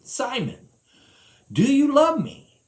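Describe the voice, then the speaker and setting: Calm, gentle male teacher voiced by a man, slow and soft-spoken, in a roomy space. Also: very high voice, voice pushed up, heavily acted.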